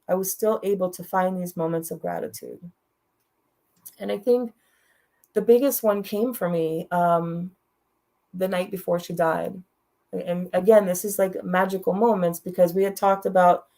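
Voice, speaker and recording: A woman's voice: fairly low pitch, warm tone. A middle-aged woman telling a personal story as a talk show guest, frank and direct, laughing now and then through hard moments.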